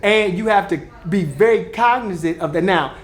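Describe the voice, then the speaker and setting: A man co-hosting a casual podcast, talking in an animated way, laughing often and slipping into playful voices. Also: sits high, normal speed. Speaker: podcast co-host, communications consultant. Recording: echoey room.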